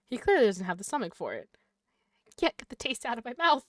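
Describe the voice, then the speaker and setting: A woman streaming a horror game, reading its text aloud in a low voice and breaking into loud, startled swearing. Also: very animated, fast talker, no echo, studio quality. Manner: reads narration quietly, then reacts with loud startled swearing.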